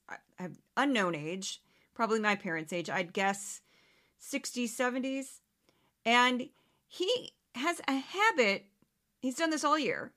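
Woman host, bright, crisp voice, animated and sarcastic, casual monologue. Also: a little high. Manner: animated, sarcastic, mimics others in exaggerated voices. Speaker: podcast host.

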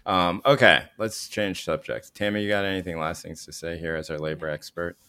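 A man's voice: low-pitched, fairly even intonation, fairly quick, bright, forceful tone. A man hosting a casual discussion, chatty and steering the conversation. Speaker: podcast host.

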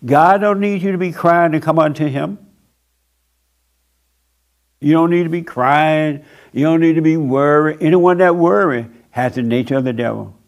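Male preacher, slightly high, gravelly voice, blunt and mocking delivery. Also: normal speed. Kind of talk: sermon.

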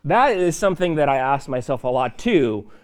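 A man preaching a sermon in a church, conversational and lively, with fillers and asides. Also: fairly high pitch, moderate pace, smooth. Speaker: pastor.

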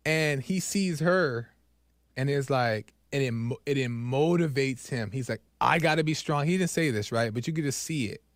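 At a moderate pace, this podcast host rambles through a relaxed spiritual monologue, filled with "um" and frequent "right?", at times dropping soft and low to retell scenes. The sound is clean studio quality with no echo.

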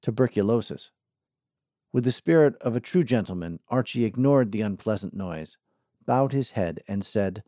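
A man giving measured, scripted audiobook narration. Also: fairly low pitch, animated, warm tone, no room sound, studio quality.

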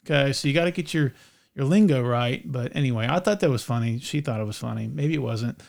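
A man's voice: medium pitch, quick pace, gravelly, darkish tone. A middle-aged man from North Carolina, co-hosting a podcast in a rambling, casual way, full of fillers and restarts. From North Carolina, USA. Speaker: podcast co-host. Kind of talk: casual chat.

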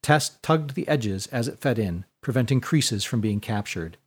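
Male narrator, mid-pitched, steady descriptive storybook reading. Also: normal speed, slightly rough.

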